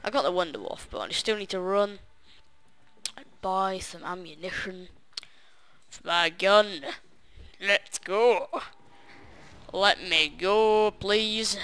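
Bright-voiced young gamer narrating casually. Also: male voice, high-pitched, animated, slow, pauses often, smooth. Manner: rambling, casual, many fillers and asides. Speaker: gaming YouTuber. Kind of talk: gaming commentary.

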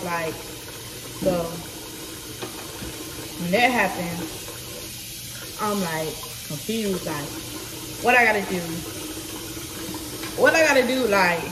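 Slow-talking young woman in echoey room. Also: mid-range voice, noisy background. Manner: slow, halting, filler-heavy talk. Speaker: vlogger. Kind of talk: casual storytelling to viewers. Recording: echoey room from a distance, running water.

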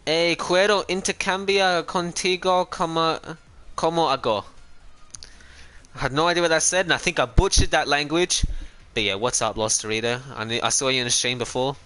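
A man's voice: mid-range voice, fairly even intonation, fast talker, bright, forceful tone. An Australian man streaming a game live, chatting casually and rambling between trades with his viewers. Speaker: gaming streamer. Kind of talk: casual live-stream chat while trading. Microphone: personal streaming mic.

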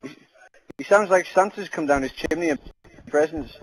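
Loud high-voiced lad gaming. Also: male voice, normal speed, noisy background. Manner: loud, laughing, crude teasing. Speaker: gamer in party chat. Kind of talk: casual gaming banter.

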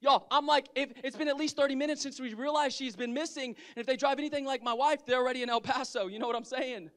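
Male pastor, very high voice, lively sermon with crowd call-outs. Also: fast. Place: church sanctuary.

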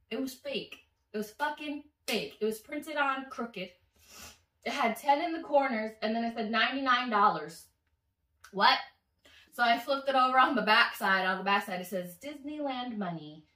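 A woman's voice: medium pitch, recorded from a distance. A woman telling a story in a casual vlog, swearing freely and acting out what each person said. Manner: animated, profane, acts out quoted voices. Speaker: vlogger recounting a dream. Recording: echoey room, somewhat off mic.

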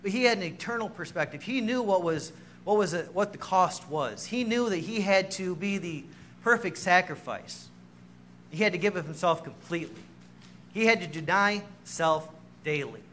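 Man, preacher, sermon, self-mocking storyteller, high voice, bright tone. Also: lively intonation, normal speed, slight background noise. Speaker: pastor. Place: church sanctuary.

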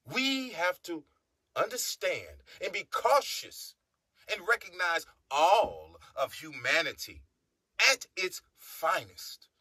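A man's voice: sits high, very animated, takes it slowly, sharp tone, slightly rough, dry recording. A man from the United States preaching a monologue, emphatic, repeating his phrases and humming between thoughts.

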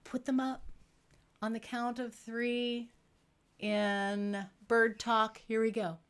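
Woman voicing a chatty, cheeky male monkey puppet pitched a little high, punning and bouncy. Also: flat delivery, slow, a bit bright, clear, resonant tone. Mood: joking.

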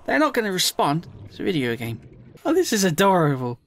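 A man giving chatty, emotional let's play commentary, often squealing up high in excitement. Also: fairly quick.

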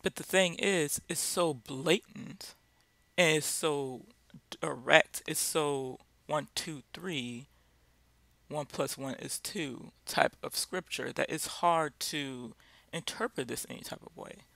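A man's voice: on the high side, slow pace, vocal fry, pushed and bright, no echo. A man giving an informal Bible lesson, speaking directly and driving his points home with repeated rhetorical questions. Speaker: Bible teacher.

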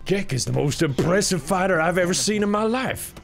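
A man's voice: sits high, animated, fairly quick, vocal fry, faint music behind. A man commentating a game, joking and laughing often, sometimes in a put-on cowboy voice. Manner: laughs often, playful, jokey. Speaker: gaming YouTuber.

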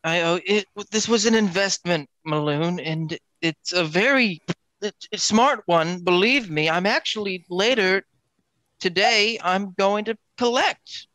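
A man voicing a groggy young debtor who talks fast and nervously, promising to pay back a loan in a tabletop game. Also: bright, forceful tone, no echo. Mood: nervous pleading. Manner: pleading, fast, pitched up and nervous. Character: groggy, smooth-talking young male debtor.

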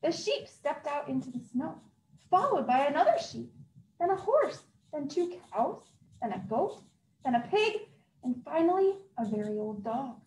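A woman librarian reading a story aloud at a children's story time, very expressive and acting out sound effects. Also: high voice, unhurried, a little hiss or hum. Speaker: youth services librarian. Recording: echoey room.

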